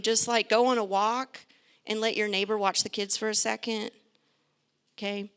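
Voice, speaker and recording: A middle-aged woman, a pediatrician, giving a lively, joking and direct talk to parents. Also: medium pitch, smooth. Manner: chatty, direct, joking asides.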